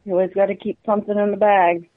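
Cohost chatting on the radio, tinny phone-ish sound, mid pitch. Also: fast talker, dry recording. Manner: relaxed storyteller, short agreeing replies. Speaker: radio co-host. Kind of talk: casual chat.

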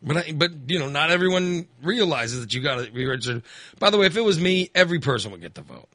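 A man's voice: a little high, sing-song, quick pace, bright, forceful tone, dry recording, studio quality. A man hosting a call-in radio chat, rambling and acting out angry voters. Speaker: radio host.

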